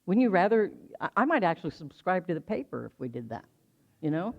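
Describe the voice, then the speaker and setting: A minister in his 60s from the United States delivers a slow, reflective sermon at a middle pitch, with vocal fry and wide swings in pitch. He weaves personal memories into the message and uses repetition for emphasis. The streamed audio sounds slightly dull and lo-fi.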